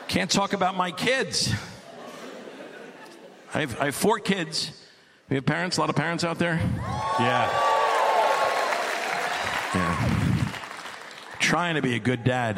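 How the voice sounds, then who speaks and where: A man in his forties performing a stand-up comedy set, telling stories deadpan and building to loud absurd bits. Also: a little high, background noise.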